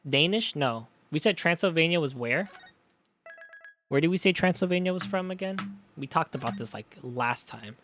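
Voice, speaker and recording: A man's voice: on the high side, lively intonation, moderate pace, a bit bright, slight background noise. Rambling young streamer guy. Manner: rambling, self-correcting, jokey. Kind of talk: casual live-stream chat.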